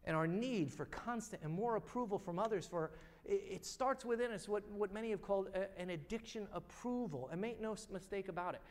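A man's voice: high-pitched, fairly quick. A middle-aged man preaching a sermon, telling stories and building to repeated rhetorical questions. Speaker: pastor. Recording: long reverb of a large hall.

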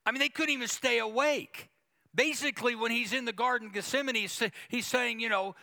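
Male pastor, sermon delivery, gravelly edge, emphatic and repetitive. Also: very high-pitched, fairly quick, pushed and bright. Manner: emphatic preaching with quoted asides and repetition.

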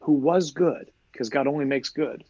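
A man who is a priest, explaining his faith in a lively conversational way, full of rhetorical questions. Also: fairly high pitch, moderate pace, husky, no echo, muffled recording. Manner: animated storyteller, rhetorical questions. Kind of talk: conversational teaching.

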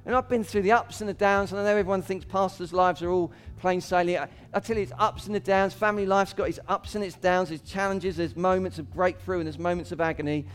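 A man preaching a sermon as pastor, talking casually with laughs between points, rising for quoted cries and dropping low and quiet for scripture. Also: steady tone, quick pace, hardly any pauses, clean tone.

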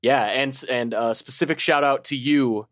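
A man's voice: medium pitch, steady tone, moderate pace, a bit bright, dry recording, studio quality. Blunt, emphatic man podcast co-host. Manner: emphatic, blunt, profane rants. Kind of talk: casual chat.

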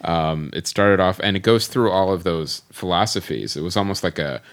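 A man's voice: sits low, moderate pace. A man co-hosting a podcast, talking casually and hesitantly with many fillers as he recalls details. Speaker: podcast co-host.

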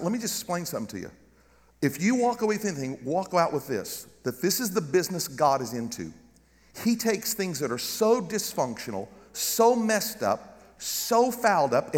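In a large church with a balcony, a middle-aged man from the United States with a Southern accent jokes his way through a sermon as visiting pastor, animated and calling for amens. His voice sits a little high, and the room sounds big.

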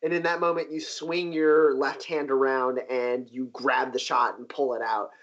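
A man narrating a tabletop game as game master, animated and loose, often jumping into high cheering crowd voices. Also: normal speed, dull audio.

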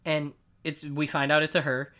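A man co-hosting a casual podcast, retelling a comic book scene by scene and slipping into quick character voices. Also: a little high, flat delivery, bright, forceful tone. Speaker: podcast co-host.

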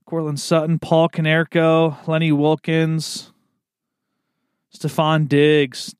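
A man's voice: a little high, completely flat delivery, takes it slowly, clean tone, no room sound, studio quality. A young man with an American East Coast accent, hosting a podcast solo in a rambling, laid-back way and swearing freely. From Maryland, USA. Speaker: podcast host. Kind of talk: casual solo podcast monologue. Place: recording studio.

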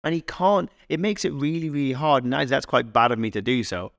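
Animated, rambling male fitness coach. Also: mid-range voice, a little fast, vocal fry, no echo, studio quality. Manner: animated, rambling, anecdotal, frequent restarts. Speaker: fitness coach and podcast co-host. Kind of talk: casual podcast chat.

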